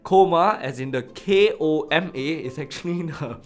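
A man's voice: a little high, moderate pace. A man with a Singaporean English accent hosting a podcast, telling casual, self-deprecating stories in a chatty, colloquial way. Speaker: podcast host. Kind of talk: casual storytelling monologue.

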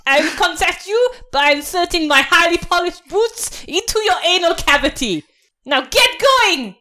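A woman's voice: extremely high pitch, animated, moderate pace, sharp tone, slight background noise, voice pushed up, full character voice. A woman voicing a stern, pompous male German general who barks threatening orders. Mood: menacing.

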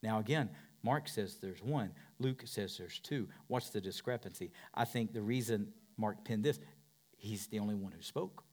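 A man preaching a sermon as a pastor, repeating phrases for emphasis and swinging from loud shouts down to hushed whispers. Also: on the low side, normal speed.

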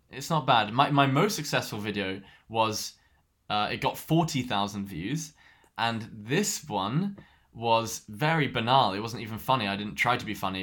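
A man telling a story in casual podcast chat, animated and laughing often. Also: on the low side. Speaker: podcast co-host.

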